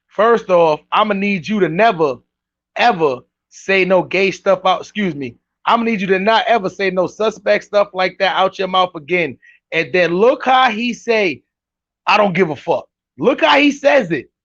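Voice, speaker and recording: A man hosting casual reaction commentary, animated and incredulous, talking straight to his chat. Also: sits high, normal speed, no echo, highs cut off. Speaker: commentary host reacting to clips.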